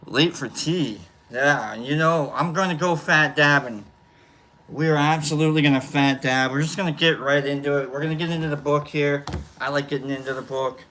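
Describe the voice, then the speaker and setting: A man's voice: a little high, steady tone, pushed and bright, a little hiss or hum. Rambling man hosting a casual chat. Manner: rambling, halting, many fillers and restarts. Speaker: host. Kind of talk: casual chat while smoking.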